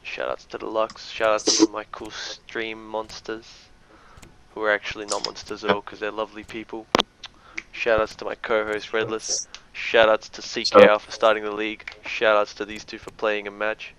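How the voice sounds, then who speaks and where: Here a lowish, monotone male voice at a moderate pace calls a game match live. He's an Australian esports commentator, chatty and jokey, giving shoutouts along the way, heard through dull lo-fi stream audio with a little noise.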